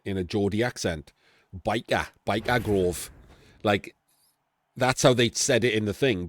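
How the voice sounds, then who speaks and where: A man's voice: lowish voice, no room sound. A middle-aged man in a chatty, rambling game-analysis commentary who often breaks off and restarts his sentences. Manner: rambling, chatty, self-interrupting.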